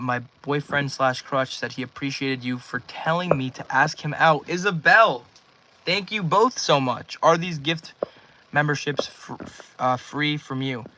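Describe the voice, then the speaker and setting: 19 yo dude streaming from his room, kinda high voice, rambly, reads chat and thanks everyone. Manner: rambling, thanks viewers warmly by name. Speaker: livestreamer reading chat. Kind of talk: casual livestream chat.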